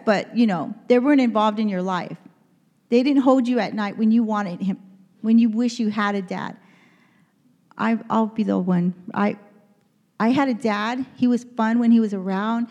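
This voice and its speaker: A woman's voice: a little high, in a large hall. A woman in her fifties preaching a sermon in a church, earnest and conversational, often asking the congregation questions. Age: 50s. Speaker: pastor.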